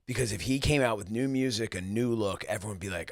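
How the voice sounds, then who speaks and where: A man co-hosting a podcast in casual chat, excitable and swearing freely. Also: on the low side, quick pace, hardly any pauses, no room sound. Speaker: podcast co-host.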